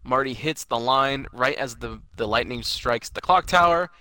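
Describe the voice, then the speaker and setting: A man's voice: mid-range voice, moderate pace, bright, forceful tone. A young man co-hosting a casual movie review, matter-of-fact and correcting his friend. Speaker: podcast co-host.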